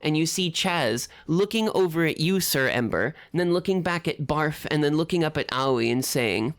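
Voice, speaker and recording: A woman narrating a tabletop game as game master, describing scenes in a lively, playful way. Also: low-pitched, normal speed.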